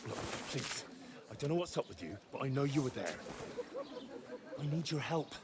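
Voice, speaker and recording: A man's voice: medium pitch, big pitch swings, normal speed, heavy background noise, natural voice. A man voicing an earnest young squire. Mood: pleading. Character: young male squire pleading for help. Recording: game audio under music.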